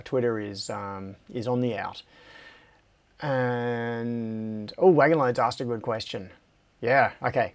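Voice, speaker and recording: Slow-talking Australian man hosting a livestream. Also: medium pitch. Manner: relaxed, chatty, laughs often, drifts mid-sentence. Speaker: livestream host. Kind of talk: casual livestream chat reading viewer comments.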